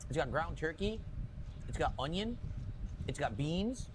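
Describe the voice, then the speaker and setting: A man's voice: fairly high pitch, lively intonation, unhurried, noisy background. A man livestreaming from his own room, chatting casually and explaining himself at length in a defensive way.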